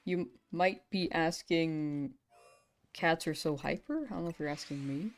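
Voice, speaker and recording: A woman's voice: sits low, unhurried, faint music behind. A young woman from the United States chatting casually with viewers on a live game stream, giggling often between remarks.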